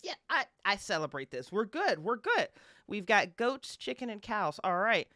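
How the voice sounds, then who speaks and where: A woman's voice: medium pitch, sing-song, moderate pace, pushed and bright, dry recording, studio quality. A woman hosting a podcast, bubbly and playful, laughing a lot. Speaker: host. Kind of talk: casual hosting.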